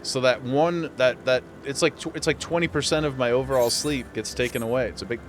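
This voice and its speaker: A man's voice: medium pitch, brisk, faint music behind. A man streaming a game, chatting casually with viewers and laughing often. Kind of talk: casual live-stream chat while gaming.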